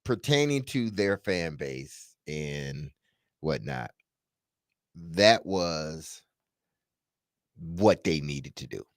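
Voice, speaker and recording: A man co-hosting a sports talk show, speaking unhurriedly with fillers and pauses. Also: rumbling low, expressive, dry recording, clean studio sound.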